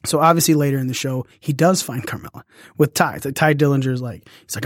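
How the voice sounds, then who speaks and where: A man hosting a casual wrestling recap, talking excitedly, swearing freely and acting out the lines he quotes. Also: medium pitch, a little fast, no echo, clean studio sound. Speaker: wrestling podcast host.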